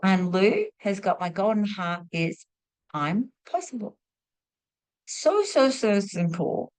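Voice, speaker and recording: A woman teaching an online spiritual class over a video call, warmly praising each participant as she leads a sharing round. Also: mid-range voice, expressive, slow. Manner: warm, repeats praise words in threes.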